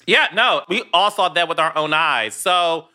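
Bright-voiced male podcast host. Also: fairly high pitch, expressive. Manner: measured, carefully phrased questions. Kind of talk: interviewing a guest.

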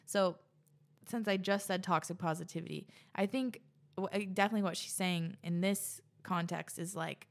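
A woman's voice: fairly low pitch, normal speed, creaky. Gushing casual woman podcast host. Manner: gushing, effusive, lots of "like". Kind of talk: casual podcast chat, reading listener letters.

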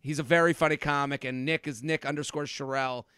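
A man co-hosting a podcast, a comedian telling animated stories and acting out what people said, in casual chat. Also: on the high side, brisk, smooth, no echo, clean studio sound. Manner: animated storyteller, acts out quotes.

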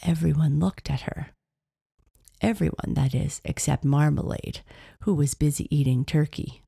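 A woman narrating a children's storybook in a slow, soft-spoken manner that sinks to whispers. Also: low-pitched, vocal fry, breathy edge, no echo, clean studio sound.

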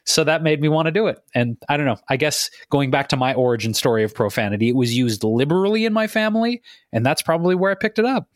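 A middle-aged man co-hosting a podcast, talking in an animated, emphatic way and acting out quoted reactions. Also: fairly high pitch, fast, hardly any pauses, no room sound, studio quality. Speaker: podcast co-host. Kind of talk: conversational podcast talk.

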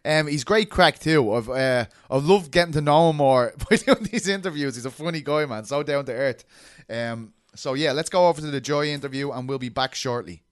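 A man hosting a casual interview, talking in a slightly higher register than most men. He chats and laughs easily, tripping over his words as he goes. The sound is dry and close. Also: a little fast, clean tone, dry recording. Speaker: interview host.

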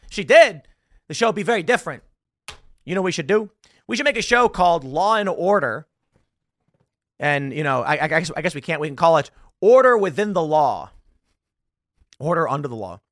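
A young man hosting a podcast, talking casually in an animated, ranting way and jumping up in pitch for emphasis. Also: no room sound, clean studio sound. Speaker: podcast host. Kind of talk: casual political talk.

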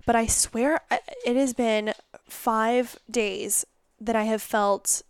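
Young female podcast host with a stuffy head cold, rambling and self-mocking, clean, smooth voice. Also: fairly high pitch, steady tone, slow pace, no room sound. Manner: rambling, self-mocking, loses her train of thought. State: congested from a cold. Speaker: podcast host and holistic nutritionist. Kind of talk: casual solo podcast chat. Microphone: podcast microphone.

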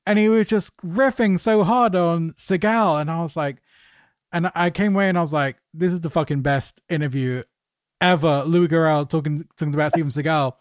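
A man hosting a podcast, telling anecdotes in an animated, casual way and swearing freely. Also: on the high side, moderate pace, dry recording, studio quality. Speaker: podcast host. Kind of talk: casual podcast conversation, storytelling.

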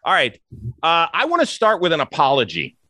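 A man's voice: a little high, huge pitch swings, fairly quick, pushed and bright, dry recording. A man from Cleveland, Ohio, hosting a podcast and interviewing his guest in a chatty, joking way. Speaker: podcast host.

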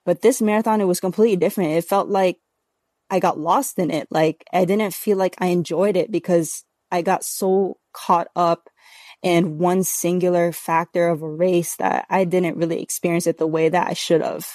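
A woman's voice: lowish voice, fairly even intonation, moderate pace, a little mellow, dry recording, clean studio sound. Earnest woman, rambling interview guest. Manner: earnest, rambling with many fillers. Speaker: podcast guest, athlete. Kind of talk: casual interview talk.

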